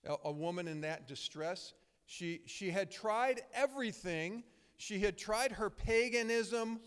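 A man's voice: high-pitched, a little slow, fairly bright tone, clear, resonant tone. A middle-aged man preaching a sermon, conversational and emphatic, telling stories with frequent restarts. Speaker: pastor. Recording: long hall reverb.

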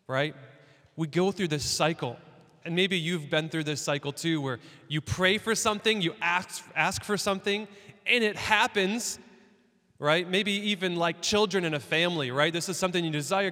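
Young guy pastor giving a sermon, bright voice, chatty with lots of "right?", big echoey hall. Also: a little high, moderate pace. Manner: conversational, asks the audience questions, acts out quoted doubts. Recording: long hall reverb.

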